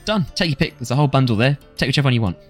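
A man voicing an easygoing, chatty woman trader on a ship, raising his voice for her in a breezy, hurried way. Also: extremely low pitch, lively intonation, soft background music, voice pushed up.

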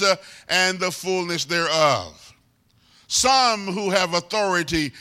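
Male preacher, high and brilliant tone, unhurried delivery, swells into shouted crescendos. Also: smooth. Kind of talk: sermon.

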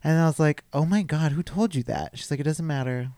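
A man's voice: a little high, a little fast, warm tone, no room sound, studio quality. A man in casual chat who teases the others and tells his own story, quoting his family. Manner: teasing, chatty, quotes family members in storytelling. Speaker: guest.

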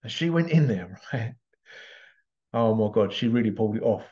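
A man's voice: on the low side, animated, moderate pace, a little mellow, dull audio. A man telling a story as a parent in a casual motivational talk, acting out the voices of the people in it. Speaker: parent giving life advice.

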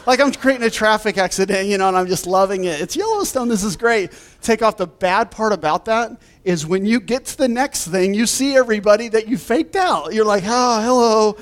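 Animated pastor man, higher voice. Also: a little fast, hardly any pauses. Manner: animated storyteller, laughs through his anecdotes. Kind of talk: sermon with a humorous personal story.

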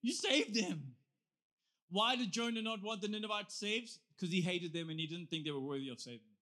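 A man preaching a sermon in a lively, conversational way, often asking his listeners questions. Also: high voice, fast.

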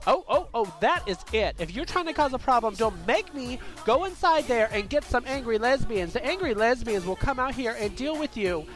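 A man's voice: very high-pitched, animated, normal speed, few pauses, a bit bright, soft background music, poor audio. Guy doing a sassy drag queen bouncer, bouncy up-and-down voice, super dramatic, calls everyone darling. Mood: indignant. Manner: campy and dramatic, calls everyone darling and girl, flares into sudden outbursts. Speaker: podcast host in character. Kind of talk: improvised comedy sketch.

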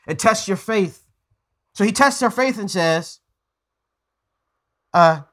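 A man's voice: high-pitched, expressive, takes it slowly, pauses often, fairly bright tone. A man preaching a conversational sermon as pastor, earnest, often stumbling and repeating words as he goes.

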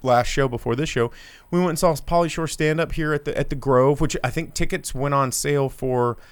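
A man's voice: a little high, fairly quick, clean tone, no echo. A man co-hosting a live show, chatting casually and joking around. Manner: jokey, puts on mock voices. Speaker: podcast co-host. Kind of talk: casual chat.

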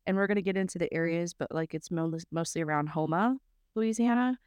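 A woman's voice: on the low side, brisk, a little mellow, clear, resonant tone, dry recording. A young woman from South Mississippi co-hosting a true crime podcast, blunt and joking with frequent swearing. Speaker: podcast co-host. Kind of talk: casual true crime chat.

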